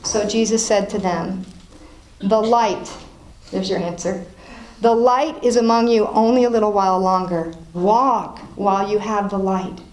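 A woman's voice: medium pitch, measured pace, a little mellow. A woman leading a Bible study, reading scripture aloud, then explaining it and asking the group questions. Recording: roomy echo with faint noise.

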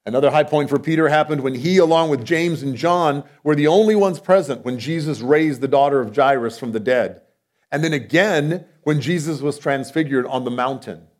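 A male preacher giving a sermon in a conversational way, with rhetorical questions, moving between loud emphatic lines and soft low asides. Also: normal speed.

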